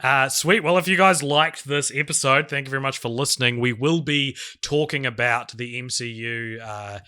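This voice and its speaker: A male podcast co-host chatting loosely with a friend. His voice is bright and clear, and he jokes around and laughs easily. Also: mid-range voice, moderate pace. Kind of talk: casual podcast chat.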